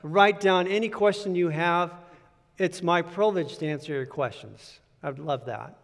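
With a fairly high, gravelly voice at a moderate pace, a male pastor delivers an earnest, conversational sermon, repeating key points for emphasis. The recording carries the long reverb of a large hall.

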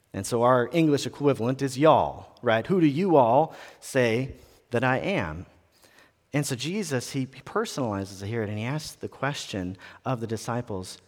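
Man, preacher, conversational sermon, medium pitch, long hall reverb. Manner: conversational, animated preaching with rising emphasis and restarts. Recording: long reverb of a large room.

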